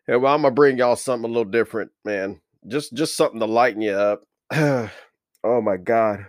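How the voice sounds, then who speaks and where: A man's voice: medium pitch, moderate pace, dry recording, clean studio sound. A man hosting a casual comedy podcast, loose and slangy, laughing so hard he is in tears as he talks. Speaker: podcast host.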